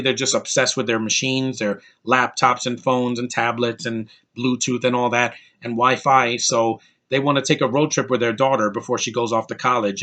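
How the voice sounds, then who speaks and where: A man's voice: medium pitch, fairly bright tone. Casual male reviewer in his thirties, rambling and blunt, swears freely, ordinary mid-range voice. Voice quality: rambling, blunt and profane, with frequent restarts. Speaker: movie reviewer. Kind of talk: casual spoken movie review.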